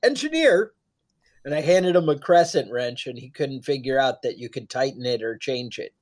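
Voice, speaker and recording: A man's voice: mid-range voice, steady tone, a little fast, a little mellow. A man co-hosting a podcast, talking casually in rambling, joking asides. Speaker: podcast co-host.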